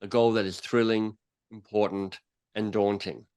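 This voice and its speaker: A man's voice: lowish voice, moderate pace, clean tone. A man speaking as a guest author and coach in a podcast interview, telling stories and acting out little quotes as he goes. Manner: animated storyteller who acts out quotes.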